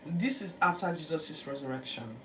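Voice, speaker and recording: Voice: mid-range voice, moderate pace. Chatty teacher, echoey room. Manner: lively storytelling with acted quotes, chatty fillers. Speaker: Bible teacher. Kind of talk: casual Bible-reading commentary. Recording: echoey room, distant mic, background noise.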